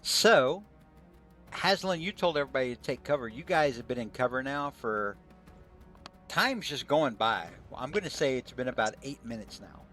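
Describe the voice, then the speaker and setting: A man running a tabletop role-playing game as game master, describing scenes and working out dice results in a plain, steady way. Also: mid-range voice, normal speed, faint music behind.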